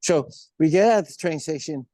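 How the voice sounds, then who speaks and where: A man in his seventies, a musician guest in an interview, telling stories in an animated way. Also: a little high, brisk, dry recording, studio quality. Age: 70s. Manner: animated storyteller, acts out quoted voices. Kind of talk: storytelling interview.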